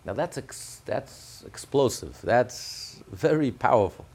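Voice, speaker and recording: Man teaching religious text, lively rising and falling pitch, emphatic, repeats phrases, average pitch. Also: measured pace, hardly any pauses, husky. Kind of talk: explaining a religious text in a class.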